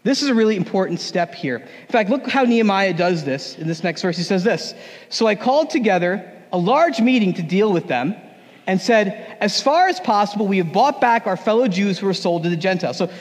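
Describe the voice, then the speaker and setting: A man preaching a sermon in a relaxed, conversational way, with humor. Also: high voice, brisk. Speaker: pastor. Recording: long hall reverb.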